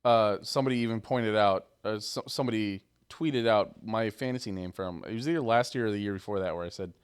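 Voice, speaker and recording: A man's voice: lowish voice, fairly quick, smooth. A tired man co-hosting a casual sports podcast, telling rambling stories full of restarts. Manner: rambling, animated storytelling with restarts. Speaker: podcast co-host.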